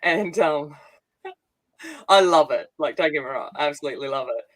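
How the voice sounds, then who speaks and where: Chatty low-voiced Australian woman. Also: lively intonation, rough recording. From Australia, country town. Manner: chatty, halting, laughs often. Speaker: co-host. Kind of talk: casual livestream chat.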